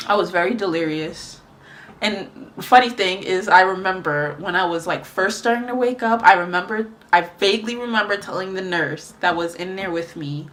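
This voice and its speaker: Chatty young woman, lowish voice. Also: bright, forceful tone, a little hiss or hum. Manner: rambling, chatty, filler-heavy storytelling. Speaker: beauty vlogger. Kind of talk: casual chat while doing makeup.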